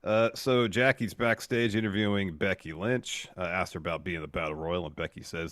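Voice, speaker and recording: A man co-hosting a podcast who walks through a wrestling match step by step in a relaxed way, with many fillers. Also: sits low, moderate pace, dry recording, clean studio sound. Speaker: podcast co-host. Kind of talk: casual play-by-play recap.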